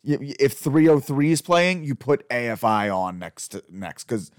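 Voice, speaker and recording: A man in his thirties co-hosting a casual podcast, given to stammered restarts and dry, deadpan jokes. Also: mid-range voice, moderate pace, smooth, dry recording. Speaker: podcast co-host. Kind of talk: casual chat.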